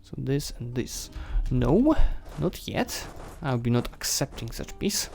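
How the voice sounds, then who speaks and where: A man streaming a strategy game, thinking aloud and chatting to the nations and armies on screen, his voice going hoarse. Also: medium pitch, big pitch swings, takes it slowly, a little mellow, soft background music. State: losing his voice. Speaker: gaming streamer. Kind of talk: live strategy game commentary.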